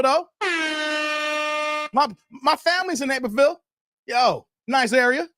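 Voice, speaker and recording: Male stream host, higher voice, playful banter, dry close sound. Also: lively intonation, measured pace, bright, forceful tone, no echo. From Chicago area. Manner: laid-back, playful, trash-talking banter. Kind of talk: casual live stream chat reading comments.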